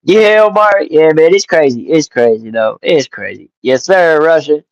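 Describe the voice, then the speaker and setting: A man hosting a casual live stream, greeting chat viewers by name and telling stories in an animated, joking way with some swearing. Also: on the high side, moderate pace, no echo, highs cut off. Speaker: livestream host.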